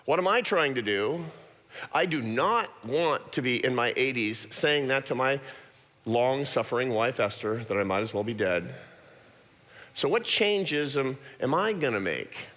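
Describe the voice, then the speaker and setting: Man, middle-aged, animated storyteller, long hall reverb. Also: mid-range voice. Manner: animated, self-deprecating storyteller with quick asides. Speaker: guest speaker. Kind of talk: storytelling talk to an audience. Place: large church auditorium.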